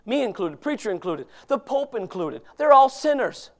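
A fervent preacher with a very high-pitched voice, swinging from shouted appeals to soft, hushed pleading. He quotes scripture in archaic wording as he urges his listeners. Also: very animated, moderate pace. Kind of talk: sermon.

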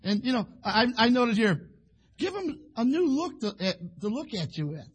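A rambling preacher man delivers a folksy sermon and slips into acting out husbands and wives. His voice sits high for a man. It has a husky, slightly breathy edge. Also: big pitch swings, moderate pace. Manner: folksy, rambling, acts out quoted couples.

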